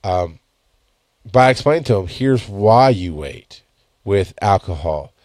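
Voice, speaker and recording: A man's voice: lowish voice, lively intonation, slow pace, a little mellow, no room sound. Man, 30s, podcast host; profane, candid, rambling monologue into a dry close mic. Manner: blunt and profane, rambling with self-corrections. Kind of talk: casual solo podcast monologue. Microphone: headphones and studio mic.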